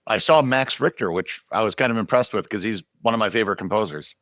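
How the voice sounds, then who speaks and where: A man hosting a podcast, asking questions in a relaxed, conversational way with some hesitations. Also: fairly low pitch, fast talker, no echo, studio quality. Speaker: podcast host. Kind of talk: casual interview chat.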